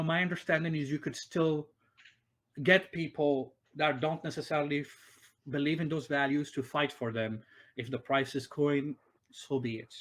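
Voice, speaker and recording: A man narrating as game master of a tabletop role-playing game, talking with many fillers and restarts. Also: fairly high pitch.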